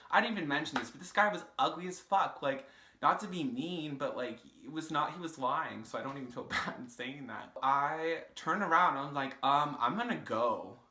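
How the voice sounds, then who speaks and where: A man's voice: on the high side, a little fast, background noise. A young man in his twenties telling a storytime, casual and full of "like" fillers and swearing. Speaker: vlogger. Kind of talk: storytime vlog. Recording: echoey room.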